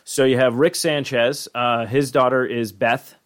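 A man's voice: mid-range voice, steady tone, unhurried. A man hosting a podcast in casual chat, rambling with many restarts and swearing freely. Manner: rambling, profane, frequent restarts. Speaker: podcast host.

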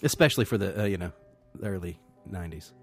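A man's voice: low-pitched, expressive, soft background music. A man co-hosting a casual movie-review podcast, joking and teasing the others. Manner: joking, teasing, quick laughs. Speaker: podcast co-host.

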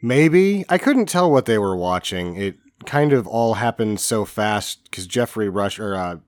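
Man, low voice, wry film recap, casual podcast chat, dry close recording. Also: lively intonation, unhurried, no echo. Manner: wry, recaps scenes, jumps into mock voices. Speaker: podcast co-host. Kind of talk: casual movie review chat.

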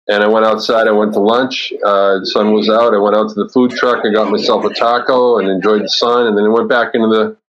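Lower-voiced man telling a story. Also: dull audio. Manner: animated storyteller. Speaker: agile coach and author. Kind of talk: podcast storytelling.

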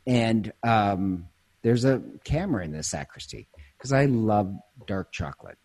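A husky-voiced man with a fairly low pitch, a priest chatting in a relaxed way. He tells his stories in fits and starts, cutting himself off and laughing easily. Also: measured pace. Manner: storytelling, self-interrupting, laughs easily. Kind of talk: casual conversation.

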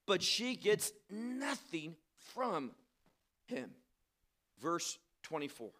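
A male Bible teacher with a high voice who lets his words come out slowly and deliberately. He leans on emphasis and rhetorical questions, dropping to a hush and then rising to loud phrases. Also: very animated. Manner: wide swings between soft and loud.

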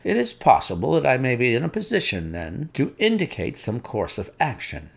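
A man reading an audiobook, voicing a sharp, brisk male detective who asks crisp, commanding questions. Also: medium pitch, huge pitch swings, voice pushed up, exaggerated voice. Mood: firm.

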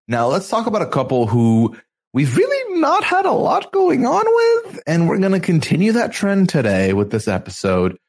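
A man co-hosting a podcast in relaxed, chatty conversation. His pitch swings widely as he talks, and he pokes fun at himself along the way. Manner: animated, chatty, self-deprecating. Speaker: podcast co-host. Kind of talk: casual chat.

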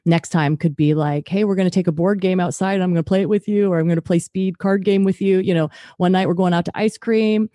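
A woman's voice: fairly low pitch, fairly even intonation, fairly quick, hardly any pauses, mellow, dry recording, studio quality. A woman, a guest author on a podcast, talking earnestly about parenting and acting out bits of parent dialogue. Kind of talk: podcast interview.

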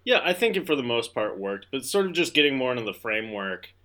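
A male podcast host with a bright, forward tone. He chats in a loose, laid-back way and swears freely while steering the review. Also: mid-range voice, big pitch swings, quick pace. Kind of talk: casual chat.

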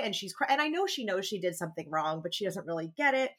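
Woman, 30s, casual podcast chat, animated storytelling, mid pitch. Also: quick pace, few pauses. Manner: animated storytelling, acts out shouted quotes. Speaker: podcast co-host.

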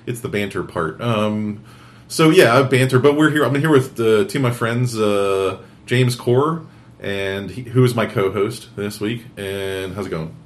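A man's voice: on the low side, a little slow. A man hosting a casual podcast in a studio, rambling with many fillers and restarts. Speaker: podcast host. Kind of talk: casual chat.

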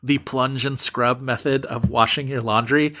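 A man's voice: mid-range voice, steady tone, moderate pace, bright, forceful tone. A man co-hosting a podcast, chatting casually and rambling with plenty of fillers and restarts. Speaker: podcast co-host. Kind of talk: casual chat.

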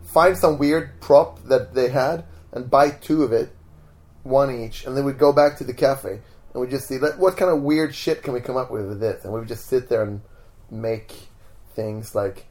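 A man's voice: mid-range voice, normal speed. A man from Sweden with a Swedish accent, a guest in a casual interview, telling stories at an easy pace with many "like"s and restarts. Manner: relaxed storytelling with repeated "like" and restarts. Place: home.

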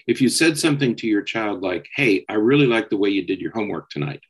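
Husky low-voiced man explaining calmly. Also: quick pace, rough recording. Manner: steady, explanatory, often checks with "okay?". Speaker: psychologist co-host. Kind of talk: casual podcast discussion.

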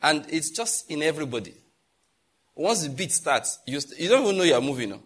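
A man with a Nigerian accent preaching a sermon as pastor, in a lively, chatty style with asides to the congregation. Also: fairly high pitch, fairly quick, slightly rough. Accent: Nigerian English. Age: adult, married.

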